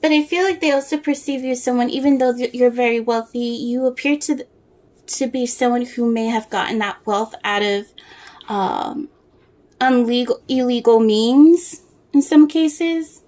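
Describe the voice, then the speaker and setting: A woman with a slightly high voice gives a casual tarot reading straight to the viewer. She talks in a soft, rambling way, hunting for words and restarting her sentences as the reading comes to her. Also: normal speed. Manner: rambling, searching for words, many fillers and restarts. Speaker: tarot reader.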